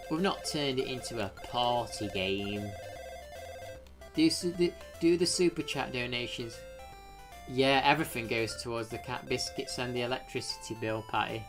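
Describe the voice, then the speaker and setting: Here a British live streamer with a medium-pitched voice talks casually and rambles along. He thanks chat viewers as they come in and suddenly erupts into excited outbursts.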